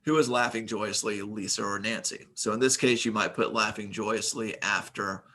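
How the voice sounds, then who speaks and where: A man's voice: fairly low pitch, steady tone, moderate pace, pushed and bright. A man teaching a recorded grammar lesson, reading example sentences aloud and explaining them methodically, with the occasional filler.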